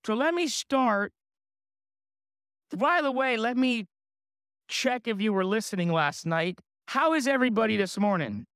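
Clear-voiced boastful male sales trainer. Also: sits high, unhurried, long pauses, dry recording, studio quality. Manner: boastful, energetic, asks the crowd questions. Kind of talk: motivational seminar talk to an audience.

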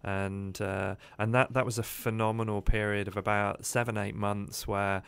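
A man telling his life story as a podcast guest in an animated way, with many "uh" fillers. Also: lowish voice, moderate pace, gravelly, clean tone, no room sound.

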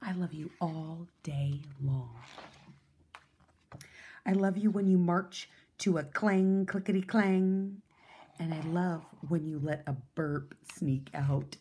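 A woman reading a children's picture book aloud in a gentle, soothing way. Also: fairly low pitch, fairly even intonation, takes it slowly, slightly rough. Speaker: storyteller.

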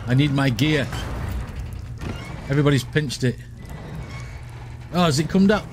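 A man giving excitable gaming commentary, shouting and laughing at the action as he plays. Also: a little high, unhurried, over music. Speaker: gaming streamer.

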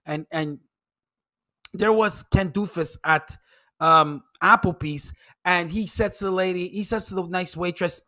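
Man, bright tense voice, mocking profane rant, repeats phrases for emphasis, commentary vlog. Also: high voice, measured pace. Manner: mocking, profane, heated ranting. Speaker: commentary YouTuber.

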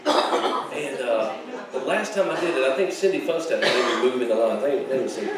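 A man's voice: mid-range voice, normal speed, background noise. A man preaching a sermon as pastor, folksy and joking, with asides and laughs. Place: church sanctuary. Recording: echoey church hall, mic at a distance.

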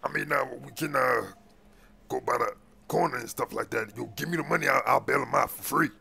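A man's voice: medium pitch, brisk, creaky, pushed and bright, husky, full character voice. A man playing a crooked male police officer after a bribe, talking in slangy street speech full of stammered fillers, in an improvised game role-play. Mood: scheming.

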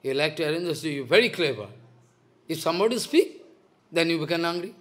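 Male preacher, high voice, lively swinging pitch, emphatic repeats. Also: a little fast. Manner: emphatic, repeats phrases, broken English. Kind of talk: sermon.

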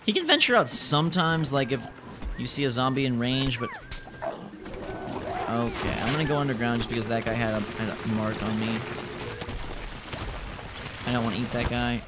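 A young man giving excitable let's-play commentary as a gaming channel host, exclaiming and repeating himself. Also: medium pitch, moderate pace, long pauses. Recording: noticeable background noise.

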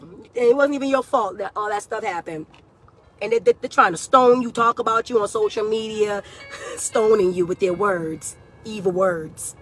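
A woman preaching a fervent prophetic sermon, repeating phrases and shouting at the peaks. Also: fairly high pitch, lively intonation, moderate pace, husky, soft background music.

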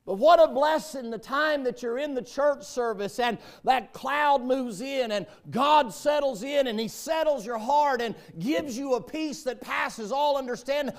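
A man's voice: very high-pitched, measured pace, hardly any pauses. A man with a Southern US accent preaching a sermon as pastor, in a folksy, joking storytelling manner.

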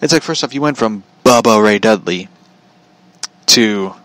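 A man's voice: on the low side, measured pace, fairly bright tone, dry recording, low-quality recording. Sarcastic man ranting, dry close sound. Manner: sarcastic, laughing often. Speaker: commentator. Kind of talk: casual rant.

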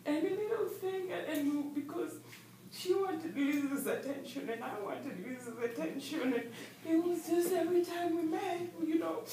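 Affectionate, frank woman, high voice, roomy and distant. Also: measured pace, dark tone, a little hiss or hum. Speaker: mourner sharing a memory. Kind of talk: personal remembrance. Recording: echoey, distant room recording.

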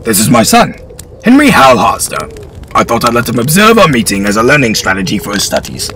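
A courteous, formal gentleman and seasoned sailor, as a man reads him aloud. His polite lines sit higher and livelier against a faint hum. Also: wildly swooping pitch, brisk. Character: proud middle-aged gentleman sailor and father.

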